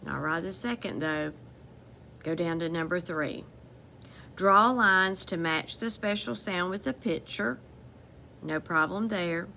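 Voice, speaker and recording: A woman's voice: lowish voice, vocal fry, sharp tone, a little hiss or hum. A woman teaching a phonics lesson to children, patiently repeating each word and giving step-by-step instructions.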